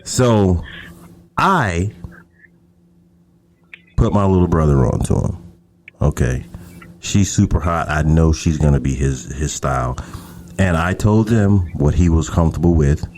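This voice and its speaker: A man's voice: extremely low pitch, measured pace, pauses often, darkish tone. A man who is a podcast guest, telling a story in a laid-back, casual and profane way.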